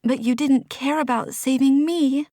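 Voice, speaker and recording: A woman's voice: high voice, fairly even intonation, a little slow, mellow, dry recording, studio quality, voice pushed up. A woman voicing a grieving teenage girl witch who speaks in a choked, pleading, tearful voice.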